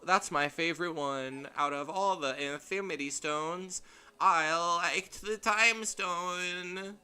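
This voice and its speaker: A young man's high-side voice, bright and forceful, carries his casual let's-play stream commentary. He's chatty and rambling, laughing at his own expense as he goes, with faint game music in the background.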